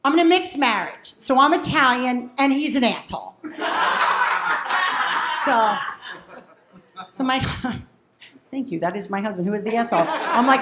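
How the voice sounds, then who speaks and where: Brash high-voiced woman doing stand-up. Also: expressive, normal speed, pauses often, very noisy. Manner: brash, profane, acts out family dialogue. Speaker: stand-up comedian. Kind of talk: stand-up comedy set. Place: comedy club. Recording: echoey club room.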